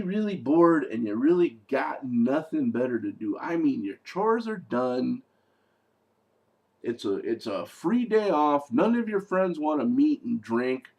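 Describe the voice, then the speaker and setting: A man giving a casual spoken movie review, sarcastic and exasperated, rambling with fillers and restarts. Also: on the high side.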